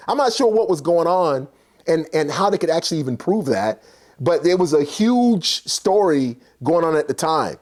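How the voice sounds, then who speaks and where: A man with a notably high-pitched voice tells a personal story in a relaxed, conversational way. He keeps it animated, slipping into the voices of the people involved and filling the gaps with casual fillers. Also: brisk. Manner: animated, acts out characters, many fillers.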